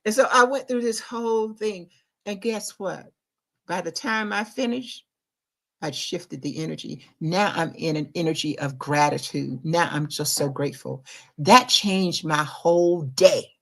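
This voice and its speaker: A middle-aged woman with a slightly low voice delivers an inspirational faith talk as a podcast host. She speaks in an emphatic, confiding way, pressing hard on some phrases and dropping to near-quiet reflection on others. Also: a little slow, vocal fry. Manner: emphatic and confiding, swinging between loud urgency and quiet reflection.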